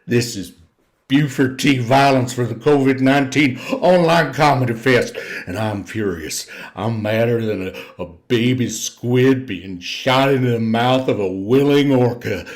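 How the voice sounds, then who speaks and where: A man's voice: medium pitch, a little slow. Furious ranting man with a put-on drawl. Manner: furious, loud bursts of shouting and cursing. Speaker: comedian playing a ranting character. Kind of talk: character stand-up rant.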